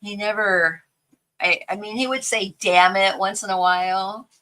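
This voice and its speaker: A woman's voice: mid-range voice, moderate pace, sharp tone, rough recording. An older woman chatting casually while crafting at home, rambling through a family story and laughing easily. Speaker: craft vlogger.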